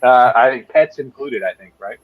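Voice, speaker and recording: A man's voice: medium pitch, moderate pace, dry recording, rough recording. Joking male player, dry sound. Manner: jokey, panicky outbursts, stammers on rules. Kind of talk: casual tabletop game play.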